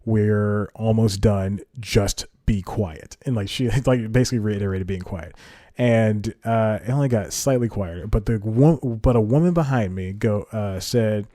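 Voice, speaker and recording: Male comedy podcast host, rambling self-correcting monologue delivery, dark mellow tone. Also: lowish voice, normal speed, no room sound, studio quality.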